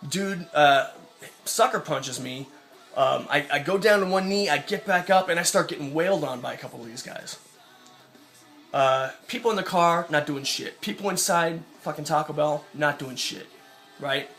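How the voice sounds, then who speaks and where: A man's voice: on the high side, normal speed, fairly bright tone, faint music behind. Profane ranting young man. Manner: profane, ranting, acts out quoted voices. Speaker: vlogger. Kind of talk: angry personal storytelling.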